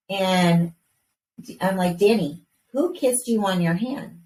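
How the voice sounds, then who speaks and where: A woman in her thirties co-hosting a casual podcast, telling a lively story about her young kids, swearing casually and acting out their voices. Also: mid-range voice, takes it slowly. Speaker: podcast co-host. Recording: roomy, distant mic with faint background hiss.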